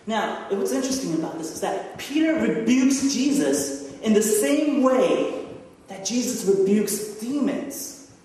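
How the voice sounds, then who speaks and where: Slow, lively man preaching in echoey hall. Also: very high voice, a little hiss or hum. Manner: rhetorical questions, conversational asides. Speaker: pastor. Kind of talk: sermon. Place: church sanctuary. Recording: echoey church hall from far off.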